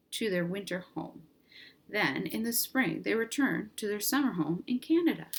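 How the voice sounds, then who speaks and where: Slow-drilling woman teacher, low creaky voice. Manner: slow, clear word drills with prompts. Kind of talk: online reading lesson.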